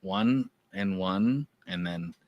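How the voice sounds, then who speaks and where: A man's voice: low voice, takes it slowly, highs cut off. A man from Canada on a podcast panel, cracking dry, offhand jokes in casual banter.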